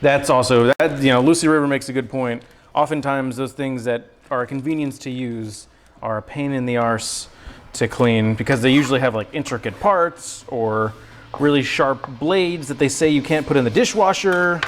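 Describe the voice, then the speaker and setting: A man's voice: medium pitch, normal speed, a little hiss or hum, poor audio. A man hosting a cooking livestream from his home kitchen, chatting to viewers in an upbeat, slangy, self-deprecating way. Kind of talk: casual livestream chat while cooking.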